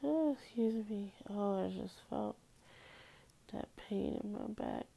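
A woman's voice: mid-range voice, slow pace, creaky, mellow, breathy edge. A woman vlogging while sick and drowsy from cold medicine, slurring and rambling as she talks herself through it in a small room. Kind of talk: casual monologue to camera.

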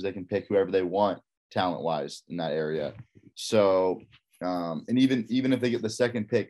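With a fairly low, somewhat mellow voice and a hint of a Texas accent, this Texan wanders casually through his college football picks alone. He circles back to the same points and doesn't hold back his opinions.

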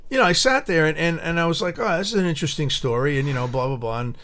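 A man telling a story in casual podcast chat, animated and full of swearing. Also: on the high side, rapid-fire.

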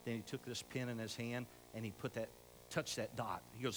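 Older pastor preaching in a hall. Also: male voice, mid-range voice, flat delivery, a little fast. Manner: folksy, rising to emphatic exhortation. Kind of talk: sermon. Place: church sanctuary. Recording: echoey church hall with faint hum.

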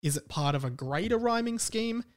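A man's voice: high voice, expressive, normal speed. An Australian man hosting a podcast, chatting casually in a rambling, wry way and often correcting himself mid-sentence. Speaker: podcast host.

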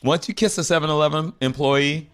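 A man co-hosting a casual comedy chat, riffing absurd jokes and teasing his partner in a deadpan way. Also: on the high side, fairly quick, clean tone. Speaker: podcast co-host.

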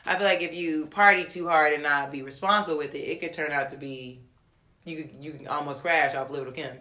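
A woman's voice: low voice, fairly quick, reverberant. A woman in her thirties chatting casually as a co-host, telling stories animatedly and acting out voices. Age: 30s. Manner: animated storytelling, acts out voices. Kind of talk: casual chat.

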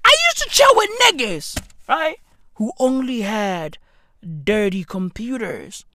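A man ranting in a profane, rambling comedy monologue, swinging from mumbles to shouts. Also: very high voice, very animated, takes it slowly, slight background noise. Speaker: comedic vlogger.

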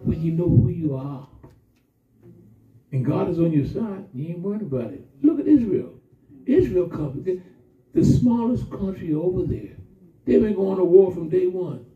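Lively high-voiced preacher in an echoey church. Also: male voice, normal speed. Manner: animated storytelling with call-and-response. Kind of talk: sermon. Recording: echoey church from far off, phone-like sound.

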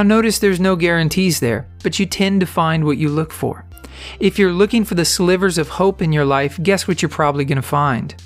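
A man hosting a motivational podcast, telling a story in an earnest, conversational, encouraging way. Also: fairly high pitch. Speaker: podcast host.

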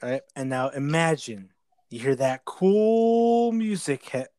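A man's voice: fairly high pitch, sing-song, unhurried, warm tone. A man co-hosting a casual wrestling podcast, laid-back, with dry asides. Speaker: podcast co-host.

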